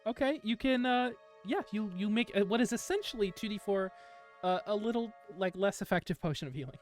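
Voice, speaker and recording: High-voiced man running a tabletop game. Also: expressive, fairly quick, faint music behind. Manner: explains rules patiently with many fillers. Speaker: game master.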